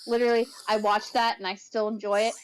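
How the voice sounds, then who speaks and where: A woman's voice: on the high side, little pitch movement, fast talker, clean tone, poor audio. A woman chatting on a casual podcast, enthusiastic and rambling, with many fillers. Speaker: podcast guest. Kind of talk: casual chat.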